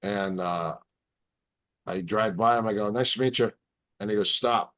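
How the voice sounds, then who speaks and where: Animated low-voiced man telling stories. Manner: animated, halting, repeats words. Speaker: martial arts instructor, podcast guest. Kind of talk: casual storytelling.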